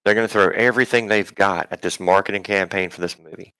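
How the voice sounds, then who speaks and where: Low-voiced man ranting on a live stream. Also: steady tone, quick pace, bright, forceful tone, clean tone, no room sound, poor audio. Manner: rambling, profane, many ums and restarts. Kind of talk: casual live-stream rant.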